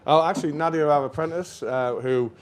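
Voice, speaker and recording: A man's voice: on the high side, fairly quick, slight background noise. Chatty man hosting a brewery stream. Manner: chatty, rambling with fillers. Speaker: brewery co-host. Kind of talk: casual live stream chat. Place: brewery taproom.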